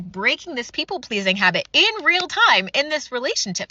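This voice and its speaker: A woman's voice: sits high, no room sound, dull audio. A woman host candidly telling a personal relationship story and giving advice, acting out the quotes as she goes. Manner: candid, lively retelling with acted-out quotes.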